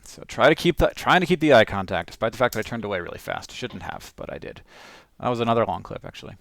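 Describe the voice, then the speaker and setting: A man's voice: medium pitch, big pitch swings, fast, gravelly, fairly bright tone, dry recording. A man casually talking through his own video edit, rambling with lots of fillers and restarts. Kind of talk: casual talk-through while editing.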